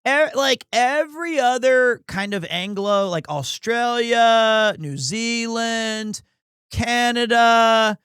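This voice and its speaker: A man's voice: very high voice, takes it slowly, fairly bright tone, clear, resonant tone, dry recording, clean studio sound. A man streaming casual, joking sports commentary, rambling and crude with self-mocking asides. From United States.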